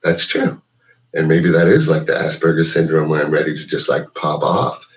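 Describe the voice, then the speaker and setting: A man's voice: a bass voice, moderate pace, recorded from a distance, dull audio. A man ranting about politics in a loose, rambling way, swearing and leaning on "like" and "you know". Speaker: host.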